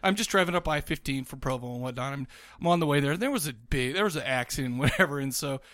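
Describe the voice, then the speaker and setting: A man's voice: medium pitch, expressive, fast talker, fairly bright tone, no echo. A man co-hosting a podcast, telling a rambling story in casual chat, full of restarts and laughter. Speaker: podcast co-host.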